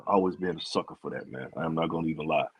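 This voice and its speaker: A man in a casual podcast chat, talking in a relaxed, rambling way. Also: very deep voice, fast talker, gravelly, slightly rough, no echo, muffled recording. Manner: relaxed, rambling, lots of fillers.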